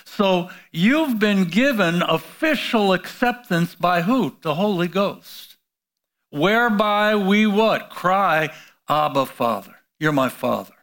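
Slow, higher-voiced male preacher. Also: expressive, a bit bright. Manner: call-and-response questions to the congregation; frequent "you know" fillers, exclaims hallelujah. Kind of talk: sermon.

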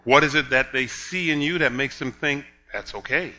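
A man preaching a sermon, telling a story with laughs, then reading scripture slowly and building to loud emphatic points. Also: medium pitch. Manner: drawn-out, slow reading of scripture.

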